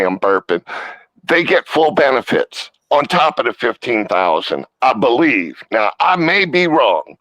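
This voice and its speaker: Brief: male debate guest, forceful bright voice, dry close sound, folksy and rambling. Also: medium pitch, sing-song, unhurried, no room sound, poor audio. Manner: rambling and folksy, with casual swearing. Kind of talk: casual live-stream debate.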